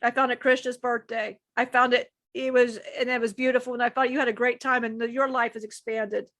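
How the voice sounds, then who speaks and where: A woman's voice: on the high side, level tone, a little fast, fairly bright tone, dry recording. A woman co-hosting a live stream, sharing personal struggles in a rambling, emotional way, often restarting sentences and swearing casually. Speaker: channeler co-host.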